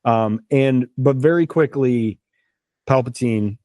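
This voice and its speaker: A man's voice: medium pitch, slow, mellow, dry recording. A man hosting a casual podcast chat, rambling with enthusiasm and lots of fillers. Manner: chewing a snack while talking. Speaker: podcast host.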